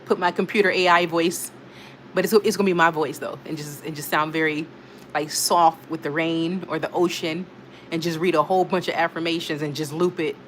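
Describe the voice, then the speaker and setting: A woman's voice: deep voice, steady tone, fairly quick, slight background noise. A woman hosting a casual live stream, chatting and laughing as she reads out comments from her viewers. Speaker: livestream host reading chat.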